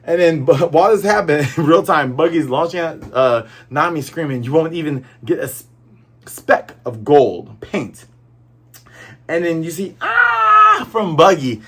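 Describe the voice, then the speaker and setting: This young manga reviewer sounds a little high, animated, and husky. He recaps the chapter casually and acts out dialogue in rapid, playful voices.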